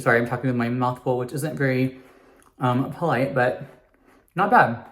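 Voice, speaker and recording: At home indoors, a man vlogs casually and ramblingly about skincare and anti-aging science. His voice is mid-range and a bit fast, with frequent pauses.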